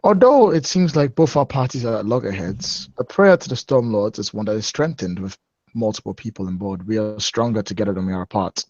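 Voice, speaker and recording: A man's voice: fairly low pitch, brisk, a little mellow, no room sound. A man voicing a courteous male bishop who speaks formally and measuredly. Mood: polite. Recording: muffled lo-fi recording.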